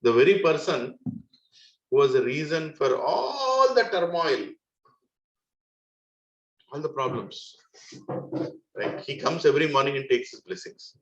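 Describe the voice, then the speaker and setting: Roomy-sounding Indian English teacher. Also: male voice, on the high side, a little slow, long pauses, dull audio. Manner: animated storytelling, chuckling asides. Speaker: scripture class teacher. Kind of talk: devotional class on a group call. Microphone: video call.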